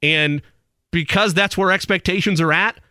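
Man, sports radio co-host, bright forceful tone, fairly high, dry studio sound, opinionated. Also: clean tone, no echo. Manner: opinionated, quick bursts of argument. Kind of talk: casual sports radio chat.

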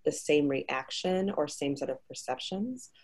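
A woman speaking as a guest, explaining research in a measured, explanatory way. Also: sits low, animated, darkish tone. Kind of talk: advice-giving conversation.

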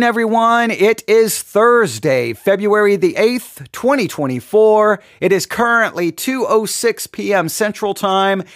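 High-voiced man hosting a podcast. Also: no room sound, clean studio sound. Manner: earnest, rhetorical questions, frequent restarts. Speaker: podcast host. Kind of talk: live podcast monologue, sermon-like. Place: podcast studio.

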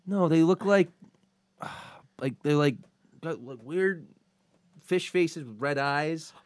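A man's voice: on the high side, slow. A man co-hosting a podcast in rambling casual chat, swearing a lot and acting out the lines he quotes. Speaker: podcast co-host.

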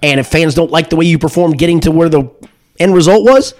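A man talking sports on a podcast, animated and full of restarts, sometimes acting out loud booing. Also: a little high, fast talker. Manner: animated, repetitive restarts, acts out shouted booing. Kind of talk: casual sports talk.

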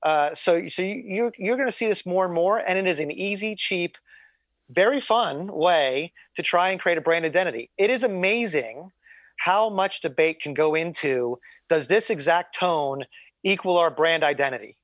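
A man's voice: sits high, lively intonation, normal speed, a bit bright, dry recording. A man co-hosting a podcast, chatting casually, rambling and repeating words. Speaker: podcast co-host. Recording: dull lo-fi mic.

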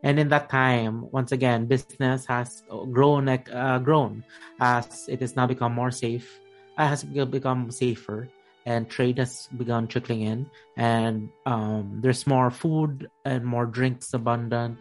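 Male game master, loose rambling narrator, hesitant self-corrections, soft music underneath. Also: medium pitch, little pitch movement, unhurried.

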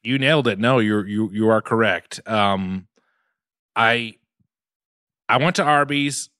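A man co-hosting a casual food podcast, talking in a loose, chatty way and breaking in with quick reactions. His voice is bright, picked up close on a dry studio mic. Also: on the low side, smooth, no room sound. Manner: loose, reacts with short exclamations. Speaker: podcast co-host. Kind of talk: casual comedic food review chat.

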